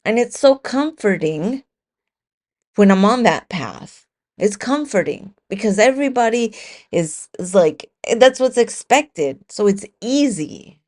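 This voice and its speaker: A woman's voice: mid-range voice, animated, slow pace, a little mellow. A woman hosting her own podcast, talking alone in a raw, confessional way and swearing freely. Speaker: podcast host. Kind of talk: candid solo podcast monologue.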